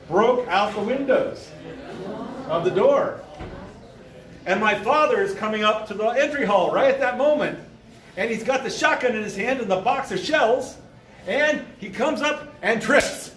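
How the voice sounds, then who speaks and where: Slow-talking male storyteller, high voice. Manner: animated, comic, lots of sound effects. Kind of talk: live storytelling. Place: bar event space. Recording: roomy live sound from far off.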